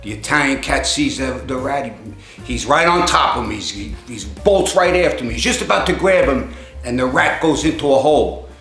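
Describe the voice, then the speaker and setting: A man's voice: medium pitch, animated, a little fast, a bit bright, roomy sound, soft background music. A man telling jokes in a rambling, conversational way, raising his voice to act out the characters. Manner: rambling storyteller, acts out characters in raised voice. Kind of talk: joke telling.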